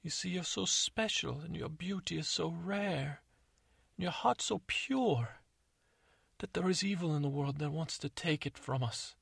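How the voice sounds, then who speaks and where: A man voicing a scheming stepmother who is secretly also the fairy godmother, with a drawn-out, mock-tender, self-pitying manner, in a bedtime story. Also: fairly high pitch, creaky, a bit bright, husky, no echo, clean studio sound, voice pushed up, exaggerated voice. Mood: sweetly pleading.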